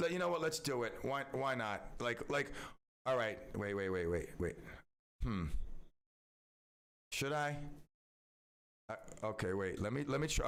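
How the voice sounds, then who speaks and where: Radio host guy, raspy gravelly voice, kinda high, goofs around and rambles. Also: a bit bright. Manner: playful, self-mocking, rambling. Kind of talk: call-in radio talk.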